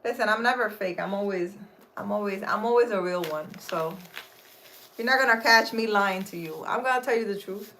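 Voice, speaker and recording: This live-stream host and spiritual advisor, a woman in her thirties, talks to viewers from a park about faith and relationships with earnest emphasis. Her mid-range voice has a sharp tone and normal speed, with a little hiss or hum in the audio. The talk is casual spiritual advice.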